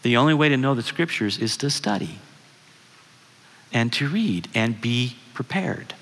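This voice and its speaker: A man's voice: mid-range voice, lively intonation, unhurried, fairly bright tone. A middle-aged man giving a guest sermon, telling a family story in a conversational way and asking the audience questions. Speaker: guest speaker. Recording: long hall reverb.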